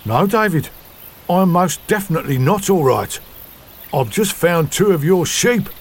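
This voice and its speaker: A man's voice: high-pitched, animated, unhurried, exaggerated voice. A man voicing a fussy, dramatic farm wife with a put-on Newcastle accent in a radio soap parody sketch. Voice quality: exaggerated, theatrical.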